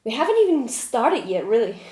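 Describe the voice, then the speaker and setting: Breathless high-voiced woman yoga teacher. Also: very animated, normal speed, mellow, reverberant. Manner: encouraging cues while doing the flow. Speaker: yoga instructor. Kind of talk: guided yoga class instruction.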